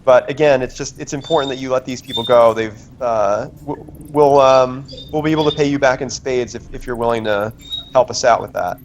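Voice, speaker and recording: A man's voice: mid-range voice, fairly quick, background noise. A man playing a tabletop game, bargaining hesitantly with many fillers. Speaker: player.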